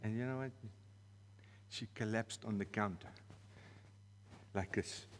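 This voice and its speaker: A man's voice: fairly low pitch, unhurried, long reverb tail, a little hiss or hum. A man with a South African accent preaching a storytelling sermon in a church, playful and laughing at his own story.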